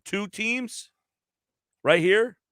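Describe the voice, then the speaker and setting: A male sports radio host talking through the standings out loud in an animated way. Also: high-pitched, drawn-out words, smooth, no room sound, studio quality. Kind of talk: live sports talk radio.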